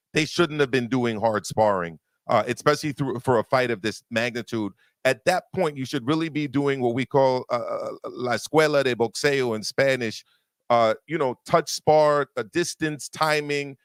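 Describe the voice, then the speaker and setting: Hosting a boxing talk show, a man with a medium-pitched, fairly bright voice makes his case emphatically, repeating words to build his point. The discussion is casual and opinionated, with no echo on the recording.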